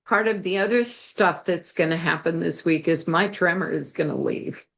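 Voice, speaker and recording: A woman guest telling a personal story in an interview, animated and laughing now and then. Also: lowish voice, moderate pace, gravelly.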